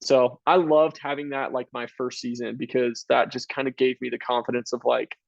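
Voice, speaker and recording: Earnest young coach on dull, dry audio. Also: male voice, mid-range voice, little pitch movement, normal speed, vocal fry, no room sound. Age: about 30. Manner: earnest, fillers like "you know" and "like". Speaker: guest, college track coach. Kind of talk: casual interview answers.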